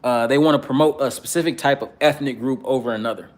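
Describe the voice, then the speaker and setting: A man's voice: medium pitch, fast. A man giving a casual commentary monologue, rambling with many fillers and speaking bluntly and profanely. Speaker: political commentator.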